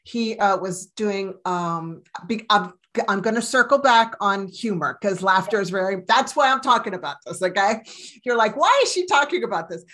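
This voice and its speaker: A middle-aged woman, a telemedicine doctor, chatting as a guest, lively and anecdotal. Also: mid-range voice, normal speed. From United States. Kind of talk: casual chat.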